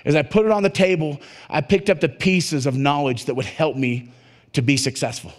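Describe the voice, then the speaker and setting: A man delivers a motivational keynote to a conference audience, his voice sitting a little on the high side. He tells his story with animated energy, jumping in pitch as he acts out the exchanges. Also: normal speed. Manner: animated storytelling, acting out dialogue in jumps of pitch. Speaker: motivational speaker. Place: conference hall at a resort.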